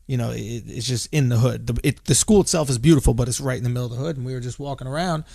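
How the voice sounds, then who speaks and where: Gravelly New man, dry close mic. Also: medium pitch, rapid-fire, mellow, no room sound. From New York. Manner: profane, joking, laid-back. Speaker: podcast co-host. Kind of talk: casual comedic storytelling.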